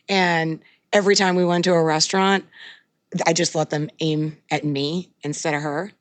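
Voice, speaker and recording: A middle-aged woman chats on a podcast in a low-pitched voice. She talks bluntly, swears freely and laughs often. The recording is dry and close. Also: moderate pace, no echo. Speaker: podcast co-host. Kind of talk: casual chat.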